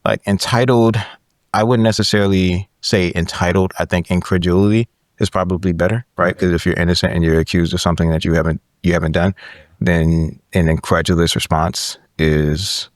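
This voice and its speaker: A man's voice: low-pitched, a little fast, no echo. A man in his thirties, a podcast guest, telling a story in casual conversation and often checking in with "right?". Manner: animated storyteller, frequent "right?" tags.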